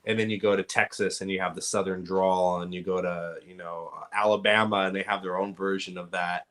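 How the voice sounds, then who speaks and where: A man with a Californian accent, a podcast guest calmly explaining things at length in casual conversation. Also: low voice, fairly quick. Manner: relaxed, explanatory, giving advice at length. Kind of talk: casual interview chat.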